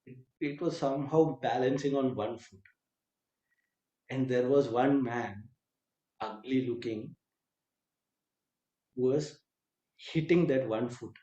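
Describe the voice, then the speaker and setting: A man's voice: mid-range voice, slow, long pauses, warm tone, reverberant, lo-fi sound. A man giving a lecture that retells a scripture story, acting out quoted lines with asides and some hesitant fillers. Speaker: spiritual teacher.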